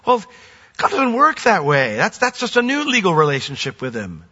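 A pastor preaching a sermon, lively and animated, often acting out voices. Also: male voice, high-pitched, a little fast, husky. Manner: animated, acts out quoted voices. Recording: dull recording with long hall reverb.

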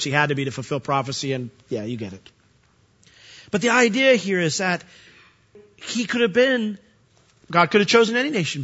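A man's voice: a little high, pushed and bright, dull audio. A man preaching a verse-by-verse sermon in a conversational way, asking his listeners questions as he explains the text. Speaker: pastor.

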